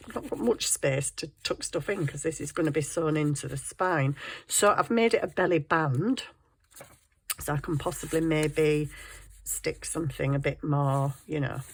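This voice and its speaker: A woman's voice: deep voice, slightly rough. A woman with a scratchy throat, chatting casually about her crafting project and now and then addressing her cat. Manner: chatty, self-deprecating, talks to her cat. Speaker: crafting vlogger. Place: home craft desk.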